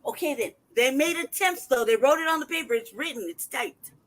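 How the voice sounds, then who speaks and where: A man's voice: very high voice, a little fast, a crowd in the background, poor audio. A man venting in an angry, profanity-heavy rant as a podcast host. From United States. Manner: angry, profane, loud outbursts. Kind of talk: heated casual rant.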